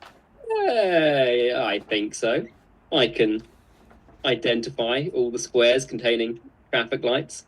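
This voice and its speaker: A man's voice: medium pitch, very animated, takes it slowly, rough recording. Chuckling man reading chat aloud. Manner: reads viewer comments aloud, chuckles often. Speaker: co-host reading live chat. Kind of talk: casual live-stream chat.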